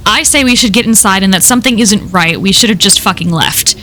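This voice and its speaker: A woman's voice: mid-range voice, brisk, a bit bright, faint music behind. Woman reading a horror story aloud. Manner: casual first-person storytelling with frequent swearing. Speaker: story reader and streamer.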